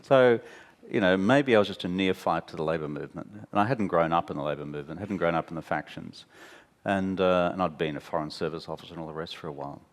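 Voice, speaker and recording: A deep-voiced Australian man tells stories on stage in a candid interview. He is animated and wry, slips into mimicking the people he quotes, and speaks bluntly. He sounds like a man in his fifties. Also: fast talker. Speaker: interview guest, former prime minister. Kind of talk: candid anecdotal conversation on stage. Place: stage at a talk venue.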